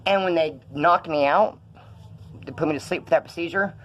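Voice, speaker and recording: A man's voice: fairly high pitch, normal speed, muffled recording, a little hiss or hum. A young man telling stories in a rambling, profane way while feeling ill, filming himself in a room. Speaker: vlogger. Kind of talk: casual rambling vlog.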